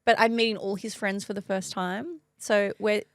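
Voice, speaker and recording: A woman's voice: mid-range voice, steady tone, moderate pace, no echo. A woman, co-hosting a podcast in casual chat, joking and laughing often. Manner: chatty, laughs often, self-mocking jokes. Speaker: podcast co-host.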